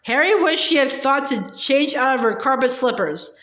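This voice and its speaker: A woman reading a storybook aloud in steady, plain narration. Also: high-pitched, moderate pace. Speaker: audiobook reader. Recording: roomy echo.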